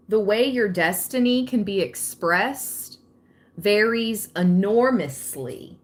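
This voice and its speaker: A woman giving a spiritual card reading. She reads the messages slowly and with emphasis, then slips into casual asides. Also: mid-range voice, lively intonation. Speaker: tarot reader.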